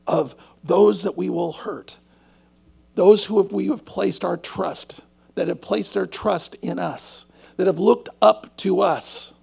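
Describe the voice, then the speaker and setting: A male pastor delivers an earnest, emphatic sermon, pressing rhetorical questions on his congregation. His voice sits fairly high and is heavily gravelly with a husky edge. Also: a little mellow.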